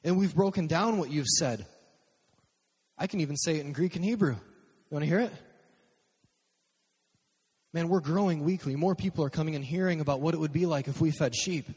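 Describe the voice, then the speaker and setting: A man voicing an eager, boastful teenage boy who gushes in a breathless, high-pitched rush. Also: quick pace, breathy edge, natural voice. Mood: gushing excited. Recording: long hall reverb.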